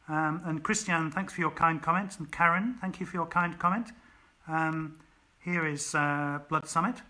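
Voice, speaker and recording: A man's voice: on the high side, bright, forceful tone. A man, an author, reading his story aloud and then chatting casually with viewers on a home livestream, full of ums. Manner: chatty, many ums, thanks viewers by name. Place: at home during lockdown.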